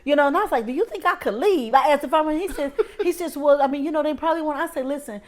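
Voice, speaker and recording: A woman co-hosting a podcast, telling a story in casual chat, animated and laughing often as she acts out other people. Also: sits high, rapid-fire. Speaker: podcast co-host.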